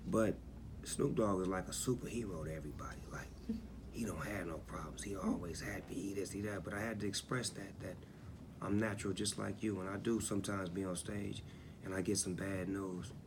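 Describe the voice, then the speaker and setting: Gravelly laid-back man in an interview. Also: low voice, fairly even intonation, a little fast, background noise. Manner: laid-back, reflective, keeps saying "you know what I'm saying". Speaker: interviewed rapper. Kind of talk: candid interview talk.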